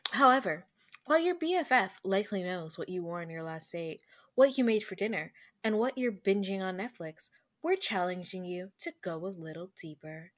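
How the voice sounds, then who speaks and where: A woman's voice: mid-range voice, animated, normal speed, a bit bright. A woman co-hosting a casual podcast chat, talking about friendship, reading lines from an article and laughing often. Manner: chatty, reads article text aloud, laughs a lot. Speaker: podcast co-host.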